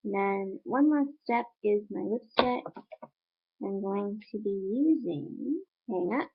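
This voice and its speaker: A woman talking through a makeup tutorial in a relaxed, rambling way, with many fillers. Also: medium pitch, slow, slightly rough. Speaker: beauty vlogger. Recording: tinny phone-like sound.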